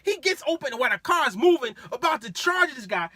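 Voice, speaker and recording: A rideshare driver telling stories in a casual, animated way, laughing as he goes. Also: very high voice, a little fast, few pauses, a little hiss or hum. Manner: animated, laughing, acts out voices. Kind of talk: casual storytelling.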